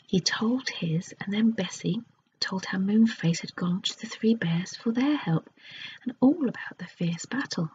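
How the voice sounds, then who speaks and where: A woman reading a children's fairy tale aloud in a soft, unvoiced ASMR whisper. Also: medium pitch, a little slow. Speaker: ASMR storyteller. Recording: dull lo-fi recording with faint hiss.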